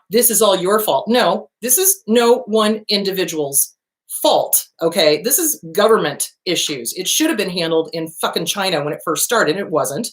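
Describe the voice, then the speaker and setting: A middle-aged woman hosting a show, talking in a blunt and animated way with a lot of swearing, like a casual monologue. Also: lowish voice. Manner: blunt, profane, animated storytelling. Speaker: host.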